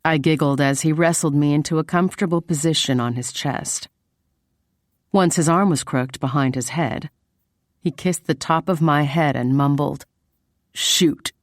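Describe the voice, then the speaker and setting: A woman giving intimate, measured first-person audiobook narration. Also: deep voice, no room sound, clean studio sound.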